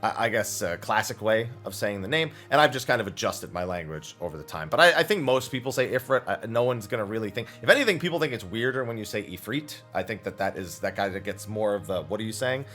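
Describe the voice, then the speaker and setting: A man's voice: lowish voice, expressive, fast talker, hardly any pauses, fairly bright tone, soft background music. A man hosting a weekly Q&A show, answering viewer questions in an enthusiastic, explanatory way, with long run-on thoughts. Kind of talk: casual Q&A explanation.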